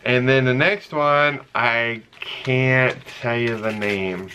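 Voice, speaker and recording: A middle-aged man casually chatting as he opens fan mail, earnest and emotional, halting with many fillers and reading letters aloud slowly. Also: medium pitch, sharp tone, slight background noise. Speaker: vlogger opening fan mail. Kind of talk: casual chat.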